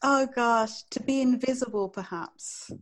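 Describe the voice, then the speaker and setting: A woman, a podcast guest who answers slowly and thoughtfully, with hesitations. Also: a little high. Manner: slow, thoughtful, hesitant, laughs easily.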